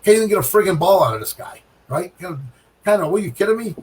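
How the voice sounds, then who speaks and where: A middle-aged man telling a bowling story in casual chat, animated, with sound effects and repeated phrases. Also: high-pitched, fast, husky, far from the mic, poor audio. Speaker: guest pro bowler.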